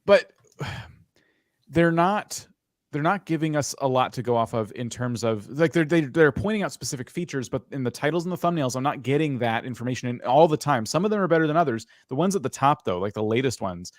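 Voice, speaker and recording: A man's voice: medium pitch, expressive, a little fast, no echo. Male host, casual frank reviewer, mid voice, dry close sound. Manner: casual, frank, thinking aloud. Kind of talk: live channel review chat.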